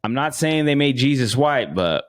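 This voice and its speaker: A man's voice: medium pitch, animated, normal speed. Podcast co-host, male, loose profane delivery, circles back on his points. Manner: profane, rambling, repeats himself. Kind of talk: casual chat.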